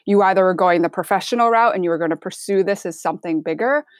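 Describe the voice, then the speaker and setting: A woman's voice: mid-range voice, quick pace, no room sound. A woman from Michigan with a half Midwestern accent, a chef talking casually and candidly in an interview. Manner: relaxed, candid, chatty with filler words. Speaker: chef guest.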